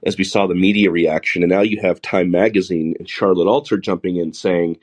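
A man with a baritone voice hosting a live podcast, talking through the week's news with sarcastic asides. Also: steady tone, fairly quick, darkish tone. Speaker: podcast host. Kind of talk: solo podcast monologue.

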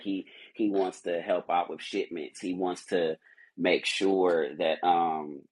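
A CEO appears as a podcast guest giving an earnest, motivational talk in an interview, rambling and restarting often. His voice sits low with a darkish tone, and the recording is rough.

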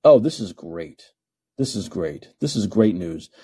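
A man's voice: deep voice, big pitch swings, measured pace, mellow, husky. A man hosting a call-in podcast, ranting emphatically and repeating himself for effect. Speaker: podcast host.

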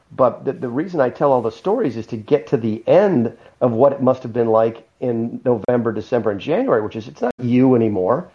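A middle-aged man explains at length in a relaxed, mellow voice, stopping to restart his sentences as he works through a point. The audio is dull and a little lo-fi, like a remote call. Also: mid-range voice. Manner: measured, explanatory, with frequent restarts. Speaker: guest, former White House chief of staff. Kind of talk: conversational interview answer.

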